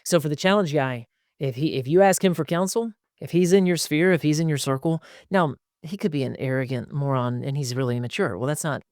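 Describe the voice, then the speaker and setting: A man's voice: on the high side, brisk, a little mellow, no echo, clean studio sound. A man who is a pastor, talking emphatically on a podcast and acting out the people he quotes. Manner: emphatic, acts out quoted people in different voices. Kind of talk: conversational podcast discussion.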